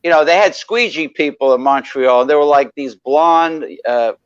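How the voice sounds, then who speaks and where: A man's voice: a little high, moderate pace, clear, resonant tone, dry recording. A man co-hosting a casual talk show, rambling through anecdotes and greeting viewers in the chat. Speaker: podcast co-host. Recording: dry, dull lo-fi mic.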